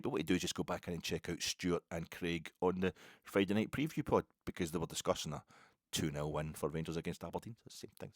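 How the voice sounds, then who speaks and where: A man's voice: low voice, no echo. Older Scottish man, football podcast host, casual monologue, rambling and wry, dead-dry recording. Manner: rambling, wry, restarts a lot. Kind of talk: casual post-match monologue.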